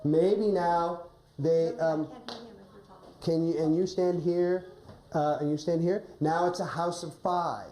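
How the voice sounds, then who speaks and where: A woman's voice: lowish voice, steady tone, slow pace, mellow. A woman drama coach guiding a class through a play rehearsal, giving instructions and often asking "right?". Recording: echoey classroom, faint noise.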